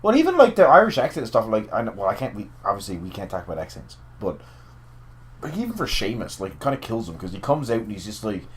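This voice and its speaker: A man co-hosting a podcast, talking in an animated, profane way with emphatic asides. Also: fairly low pitch, quick pace. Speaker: podcast co-host. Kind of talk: casual wrestling chat.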